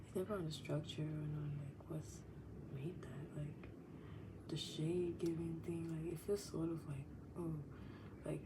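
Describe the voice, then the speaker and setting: Low-voiced woman rambling over background noise. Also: fairly even intonation, measured pace. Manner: meandering, heavy use of "like", drifts into soft whispers, laughs often. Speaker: vlogger. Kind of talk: casual rambling chat. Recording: clearly audible background noise.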